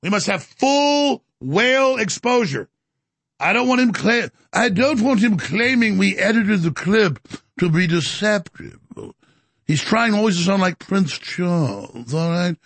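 A man hosting a talk radio show with a gravelly voice and a bombastic, rapid-fire delivery. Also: sits high, animated, fairly bright tone, no room sound. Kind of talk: fast-paced talk radio monologue.

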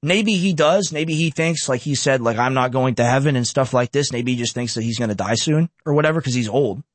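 A Texan man hosts a political commentary show, speaking briskly in a mid-range voice on a dry recording. In an opinionated monologue he rants sarcastically and reads news aloud with cutting asides.

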